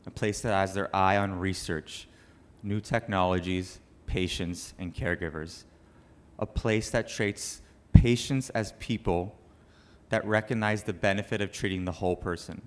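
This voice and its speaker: A young man with a low voice speaks to a banquet room full of people at a charity event. He tells his story as a cancer survivor, earnest and emotional. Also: steady tone, measured pace. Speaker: cancer survivor giving a speech.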